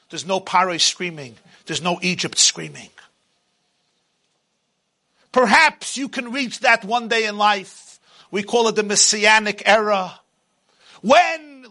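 A man teaching a religious class in an impassioned, dramatic way, swinging from loud to hushed. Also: high voice, animated, unhurried, vocal fry.

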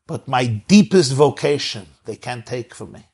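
A man voicing a faithful male Jewish prisoner who speaks with low, firm resolve. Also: expressive, unhurried, darkish tone, breathy edge. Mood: defiant.

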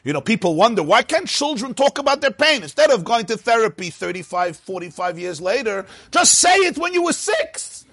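Husky man teaching Chasidic texts. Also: extremely high pitch, sing-song, moderate pace, hardly any pauses, a bit bright, no echo. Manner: reads Hebrew text in a sing-song chant, then explains animatedly. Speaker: Torah teacher. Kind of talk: Chasidic text class.

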